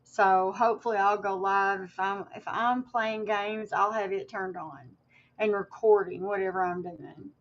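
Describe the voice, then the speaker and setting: A woman's voice: mid-range voice, fairly even intonation, measured pace, lo-fi sound. A woman livestreaming to her viewers in a casual, rambling way, with many fillers and restarts and some emotion.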